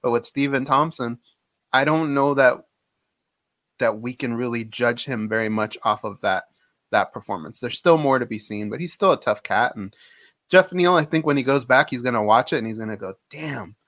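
A man's voice: medium pitch, normal speed, dry recording. A man co-hosting a casual sports talk show from a home studio, easygoing and conversational with frequent fillers. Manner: relaxed, conversational, many fillers. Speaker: co-host.

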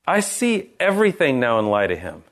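A man preaching a sermon, earnest and animated, asking rhetorical questions and restarting his sentences. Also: medium pitch, brisk. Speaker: pastor.

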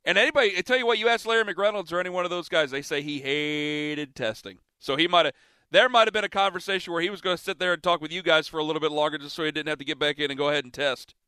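A man's voice: on the high side, very fast, clear, resonant tone, no room sound. A man hosting a sports talk radio show, taking calls and arguing his points with emphatic energy. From Ohio. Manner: lively, emphatic, talks back to callers.

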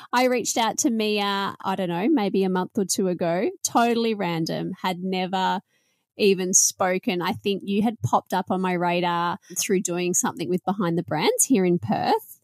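A woman's voice: mid-range voice, lively intonation, measured pace, no echo. Bubbly Australian woman podcast host. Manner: bubbly, chatty, laughs often. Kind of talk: casual chat.

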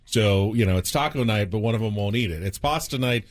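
A man's voice: on the low side, brisk. A man co-hosting a morning radio show, bantering in an easygoing, wry way. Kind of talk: casual morning show chat.

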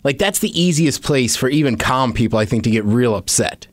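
A man co-hosting a podcast, joking around in casual chat with quick interjections. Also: medium pitch, animated, dry recording, clean studio sound. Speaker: podcast co-host.

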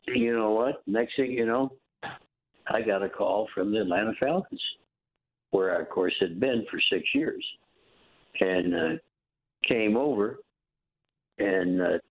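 An older man, a former football coach, telling stories in an interview in a folksy, animated way, acting out the other voices. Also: on the low side, creaky. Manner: folksy, animated storytelling with quoted dialogue. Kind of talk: storytelling interview. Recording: tinny phone line.

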